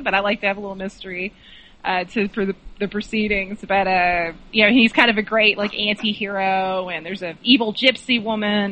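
A woman's voice: medium pitch, sharp tone, rough recording. A woman guest in a casual film chat, enthusiastic and rambling with frequent restarts. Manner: enthusiastic, rambling, laughs often.

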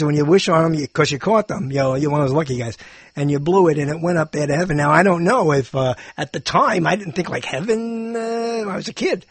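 A man's voice: on the high side, husky, no room sound. An older man rambling through a meandering, self-interrupting monologue, chuckling as he muses.

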